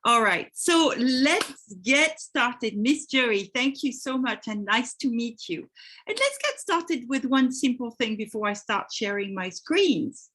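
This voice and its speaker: A woman's voice: a little high, animated, slow pace, a bit bright. A woman from France with a French accent, hosting a live online webinar over a video call and greeting attendees by name. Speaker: webinar host.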